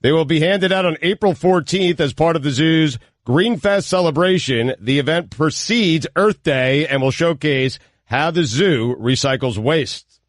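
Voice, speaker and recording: A man's voice: fairly high pitch, measured pace, no room sound. A man co-hosting a sports radio show, reading briefs and trading dry jokes. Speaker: radio co-host. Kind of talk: casual sports radio banter.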